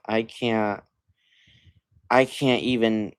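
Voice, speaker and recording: A hoarse young man ranting as a sports livestream host, stammering and sighing, swinging between muttered complaints and loud outbursts. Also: fairly low pitch, slow pace. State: hoarse from yelling. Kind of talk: frustrated fan rant on a livestream.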